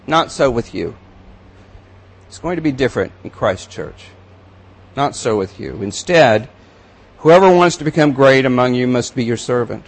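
A male pastor delivers a sermon at a medium pitch. He reads scripture aloud with building emphasis, then drops into quiet, conversational asides to his congregation. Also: poor audio.

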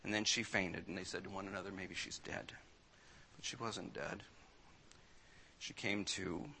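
Man, preacher, sermon, dramatic reading, hushed to loud, sharp bright voice. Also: low voice, steady tone, a little slow, creaky, big-room sound, a little hiss or hum.

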